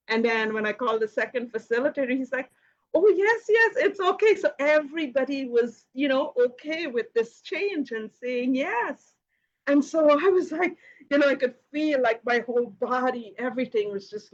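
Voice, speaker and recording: With a fairly high pitch and moderate pace, a woman recounts a personal story while hosting a live Q and A, speaking casually, laughing lightly and saying "you know" a lot. The audio sounds dull.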